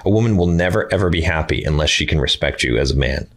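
A man's voice: lively intonation, fast talker. A man giving blunt dating advice to his viewers in a casual monologue, acting out quoted lines. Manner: blunt, emphatic, acts out quoted lines with higher pitch.

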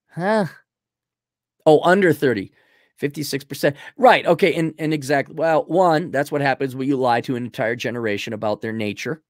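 A young man hosting a livestream, reading out donations and giving blunt, crude opinions, swinging from loud outbursts to low mumbling. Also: no room sound, studio quality. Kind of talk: casual opinionated monologue.

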